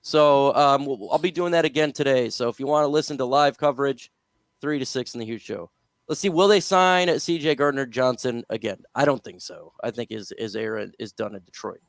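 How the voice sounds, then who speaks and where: A man's voice: medium pitch, fairly quick, no echo, clean studio sound. A man hosting a casual sports talk livestream, upbeat, plugging his radio spot between takes. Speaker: host.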